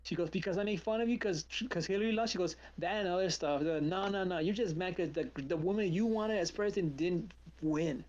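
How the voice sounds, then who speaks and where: Animated man telling stories on a stream. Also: high-pitched, brisk, hardly any pauses, lo-fi sound. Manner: animated storyteller, acts out quotes. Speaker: trading stream host. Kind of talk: casual chat on a live stream.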